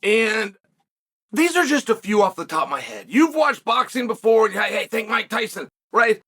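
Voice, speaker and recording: A man's voice: sits high, expressive, normal speed, bright, forceful tone. A middle-aged man hosting a commentary monologue for viewers, emphatic, repeating words and asking rhetorical questions. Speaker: host and former fighter.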